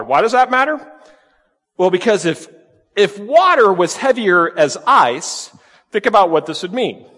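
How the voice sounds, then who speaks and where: Conversational pastor in an echoing hall. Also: male voice, on the high side. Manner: conversational, animated preaching with rhetorical questions. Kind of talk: sermon. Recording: long reverb of a large hall.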